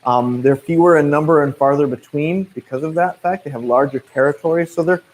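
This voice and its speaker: A man in his thirties with a Midwestern US accent, working as a naturalist and answering viewer questions in a relaxed, chatty way full of fillers and restarts. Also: fairly high pitch, fairly quick, poor audio. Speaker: naturalist guide. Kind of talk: casual livestream Q&A.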